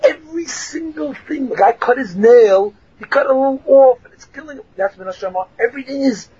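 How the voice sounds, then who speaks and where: A man teaching a Torah class, telling stories and acting out the quotes with animated laughter. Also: extremely high pitch, fairly quick, husky, lo-fi sound.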